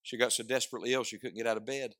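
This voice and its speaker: Male preacher, tense bright tone, dramatic loud-soft swings, call-and-response sermon. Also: medium pitch, steady tone, racing. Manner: emphatic, swings from loud declarations to hushed asides; asks the congregation questions and prompts replies.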